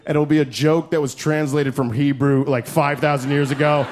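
A man doing a stand-up set in a comedy club, loud and profane, riffing fast and shouting his punchlines. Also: fairly high pitch, steady tone. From United States. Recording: live club recording with crowd noise. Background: audience laughter and club noise.

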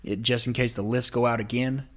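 A man narrating a tabletop role-playing game as game master, in a casual, halting way with restarts. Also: mid-range voice, steady tone.

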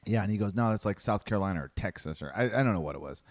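Man podcast co-host, teasing sidekick, low voice, dry studio sound. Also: animated, racing, dry recording. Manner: teasing, interrupting, wry. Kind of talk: casual chat.

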